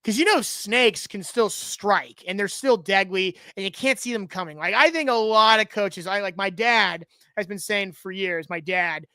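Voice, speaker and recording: A man hosting a live sports talk stream, with a bright, cutting edge to his voice. He talks in loose, rambling runs, full of sarcasm and restarts. The sound is close and dry, with no room in it. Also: sits high, normal speed, no echo. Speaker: sports talk show host.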